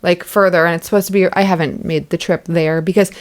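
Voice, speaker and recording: A woman's voice: on the low side, fairly even intonation, fast talker. A woman co-hosting a podcast, telling everyday stories in a casual, wry way. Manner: storytelling, conversational, wry. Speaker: podcast co-host. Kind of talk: casual chat.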